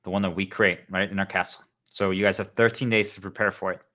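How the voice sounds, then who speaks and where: A man's voice: low voice, level tone, fast talker, sharp tone. A man talking earnestly to his viewers in a rambling monologue, often calling them guys. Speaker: spiritual vlogger.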